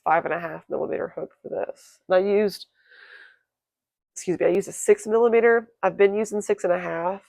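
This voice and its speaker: A woman crochet vlogger chatting casually to her viewers, quick and self-correcting, her voice croaky today. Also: fairly low pitch, darkish tone, dry recording. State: croaky, clearing throat. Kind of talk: casual chat to camera.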